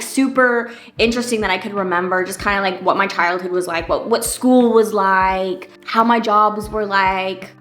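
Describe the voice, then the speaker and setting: A woman's voice: medium pitch, a bit bright. A woman in her thirties telling a personal story in a casual vlog, chatty and candid, with lots of fillers and side remarks. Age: 30s. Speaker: vlogger.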